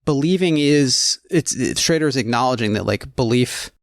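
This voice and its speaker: A man co-hosting a podcast, talking about films in a rambling, halting way with many restarts. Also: medium pitch, lively intonation, creaky, dry recording, studio quality. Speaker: podcast co-host. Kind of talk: casual film discussion.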